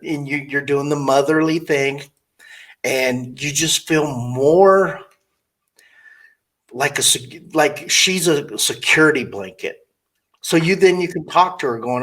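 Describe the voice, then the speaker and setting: A man's voice: on the high side, measured pace, a bit bright. A man hosting a casual interview in a slightly raised voice. He speaks bluntly and rambles, slipping into voices to act out what customers say. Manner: blunt, candid opinions. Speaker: podcast host interviewing a car saleswoman.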